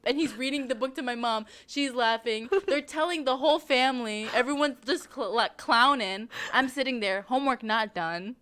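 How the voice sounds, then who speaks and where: A young woman co-hosting a podcast, telling a childhood story in casual chat, laughing and swearing as she gets animated. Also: fairly high pitch, normal speed, hardly any pauses, clear, resonant tone. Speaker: podcast co-host.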